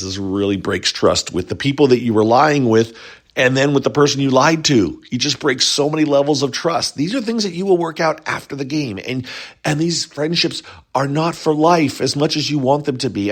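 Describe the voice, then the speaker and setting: A man hosting a casual reality show recap, rambling and chatty, lifting his voice whenever he quotes someone. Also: mid-range voice.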